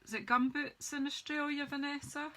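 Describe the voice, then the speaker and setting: Bright-voiced woman doing a craft demo. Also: sits high, fairly even intonation, moderate pace, rough recording. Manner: chatty, greets viewers while working. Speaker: craft demonstrator. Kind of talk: live-streamed craft demo chat.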